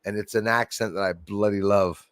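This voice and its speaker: A man's voice: lowish voice, steady tone, moderate pace, fairly bright tone, no echo, clean studio sound. A middle-aged man, hosting a livestream and chatting casually through viewer comments, rambling and laughing often. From Canada. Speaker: livestream host.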